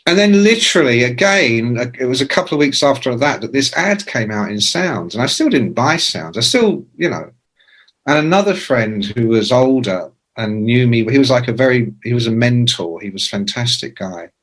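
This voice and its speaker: A man in his sixties, a rock journalist telling profane, lively anecdotes as a podcast guest. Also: medium pitch, moderate pace. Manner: lively, profane, acts out quoted voices. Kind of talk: anecdotal storytelling in a podcast interview.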